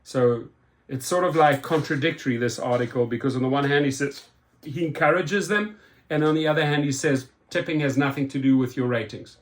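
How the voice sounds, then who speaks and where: A man's voice: medium pitch, a little fast. A man hosting a rideshare talk show, reading a news article aloud and reacting to it with indignant, sarcastic commentary, often repeating and restarting words. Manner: indignant, exasperated, with sarcastic asides.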